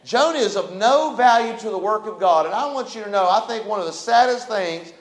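A man's voice: sits high, animated, fairly quick, reverberant. A man preaching a sermon in an emphatic style, reading scripture and pressing his point. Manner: emphatic, preaching with Bible verses and a short prayer.

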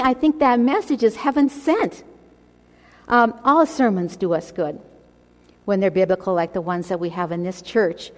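A woman's voice: medium pitch, mellow. A woman teaching a women's Bible study, speaking earnestly and addressing her listeners directly as she exhorts them. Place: church. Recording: long hall reverb.

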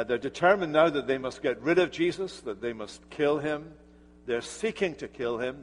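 A man preaching an earnest, emphatic sermon as pastor in a church sanctuary. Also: on the high side. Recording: church hall reverb.

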